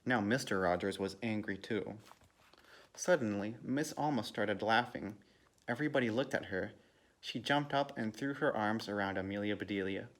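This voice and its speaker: A man volunteering to read a children's picture book aloud, lifting his voice for the characters' lines. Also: moderate pace. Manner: lifts pitch and volume for character quotes. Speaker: volunteer reader.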